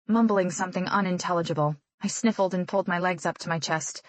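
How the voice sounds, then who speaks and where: A woman's voice: on the low side, quick pace, no room sound. A woman narrating a romance audiobook in first person with an intimate, reflective manner.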